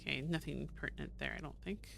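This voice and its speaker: A gaming streamer comments casually while playing a puzzle game, thinking aloud, counting, and reading notes. Her low voice is fast with vocal fry, over a noisy background.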